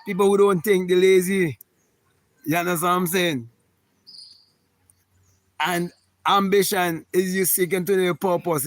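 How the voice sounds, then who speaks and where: A man's voice: a little high, fairly bright tone, no room sound. A man hosting a spiritual talk, reading viewer comments and answering them in an emphatic, repetitive, preachy way.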